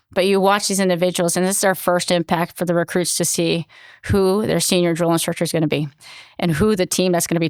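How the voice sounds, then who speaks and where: A middle-aged woman speaks as a military commander being interviewed, earnest and animated as she recounts events, with plenty of "um" and "you know." Her voice is smooth and clear, recorded dry and close with no room sound. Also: on the low side, no room sound. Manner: earnest, animated storytelling with many fillers. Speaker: battalion commanding officer, guest. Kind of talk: conversational interview storytelling.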